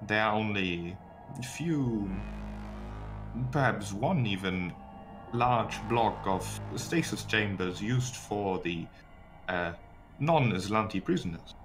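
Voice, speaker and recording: A man voicing a calculating woman prisoner who speaks in a measured, cautious way. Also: lowish voice, expressive, over music. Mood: guarded. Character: guarded calculating woman captive.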